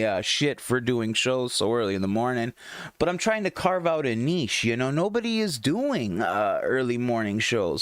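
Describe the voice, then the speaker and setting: A man's voice: medium pitch, dry recording. A man hosting his own morning livestream from a home computer, talking in a rambling, chatty way and often restarting his sentences. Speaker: livestream morning show host. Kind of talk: casual live stream chat. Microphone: desktop microphone at a computer.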